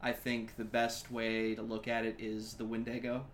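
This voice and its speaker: A man's voice: medium pitch, completely flat delivery, normal speed, a little hiss or hum. Dry-toned man co-hosting a podcast. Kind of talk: casual podcast chat.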